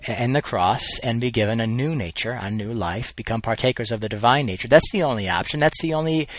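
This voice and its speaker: A man teaches from the Bible in a relaxed, conversational way, thinking aloud and often circling back to restart a sentence. His voice sits at a middling pitch for a man. The sound is close and dry, with no room echo. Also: a little fast.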